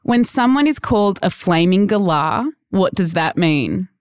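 A woman's voice: on the low side, lively intonation, measured pace, a little mellow, smooth, dry recording, clean studio sound. A woman with an Australian accent, hosting a casual interview and running a playful quiz. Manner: upbeat, teasing quizmaster. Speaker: podcast host.

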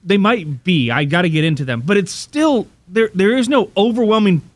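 Lively, blunt ranting man on a podcast. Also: high-pitched, normal speed, dry recording. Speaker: podcast co-host. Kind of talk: casual banter.

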